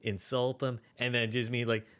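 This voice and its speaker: A man's voice: medium pitch, flat delivery, normal speed, fairly bright tone, clean tone. A man co-hosting a casual brainstorming chat, rambling with lots of fillers and trailing off. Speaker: podcast co-host.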